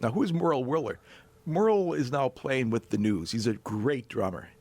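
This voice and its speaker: A man in his sixties from North Dakota, a bass player telling a long story as a guest, animated and chuckling as he goes. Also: moderate pace. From North Dakota, USA. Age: 60s. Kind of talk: storytelling anecdote in a chat.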